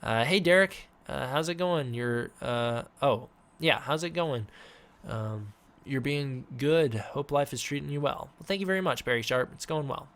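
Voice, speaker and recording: A man hosting a casual live-stream Q&A, giving offhand, halting answers to chat questions. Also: mid-range voice, animated, a bit bright. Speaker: host.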